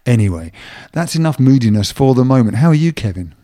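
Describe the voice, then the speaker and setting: A man's voice: mid-range voice, big pitch swings, quick pace, dark tone, dry recording, studio quality. A man with a London accent co-hosting a radio music show, chatting casually and musing with lots of fillers.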